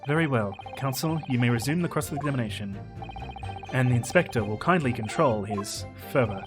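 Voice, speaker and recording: A man's voice: medium pitch, lively intonation, fairly quick, natural voice. A man voicing a stern male judge who speaks formally and measuredly, with game music behind.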